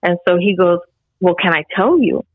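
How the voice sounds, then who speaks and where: A woman's voice: fairly low pitch, moderate pace, no room sound. Woman telling a ghost story over a phone line. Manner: animated retelling with filler words. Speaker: podcast guest. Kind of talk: casual storytelling. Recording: phone-like call audio with faint music.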